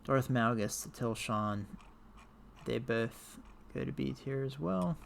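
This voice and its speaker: A man's voice: medium pitch, a little slow, vocal fry, a little hiss or hum. A man casually talking through his character rankings, hesitant and full of fillers, tired and a little worn out. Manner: rambling, hesitant, many fillers. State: tired, voice wearing out. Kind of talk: casual talk to camera.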